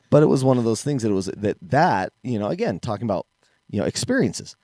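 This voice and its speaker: A man's voice: medium pitch, very animated, fast talker, dark tone, no room sound. A middle-aged man, a podcast co-host, telling a childhood story in casual chat and acting out the voices he quotes. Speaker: podcast co-host, martial arts instructor.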